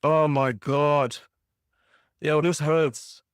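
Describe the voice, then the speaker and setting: A man with a high voice hosts a fan watchalong, reacting to the match as it happens. He talks slowly, drawing out his groans and exclamations. The sound is dry and close. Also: fairly even intonation, clear, resonant tone, no echo. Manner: emotional, groaning and exclaiming with each moment. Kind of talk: live match reaction commentary.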